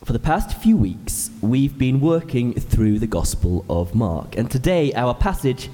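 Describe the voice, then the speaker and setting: A man's voice: mid-range voice, very animated, a little slow, dark tone, long reverb tail. A man in his thirties, an ordinand, preaching a sermon in a church with earnest, explanatory storytelling. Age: 30s.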